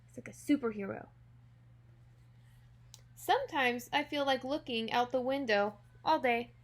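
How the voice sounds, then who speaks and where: Teacher lady doing a kids' book read-aloud, gentle and expressive, talks right to the little ones, slightly high voice. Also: unhurried. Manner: gentle, expressive, speaks directly to young listeners. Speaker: teacher reading aloud to children. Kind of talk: children's storybook read-aloud.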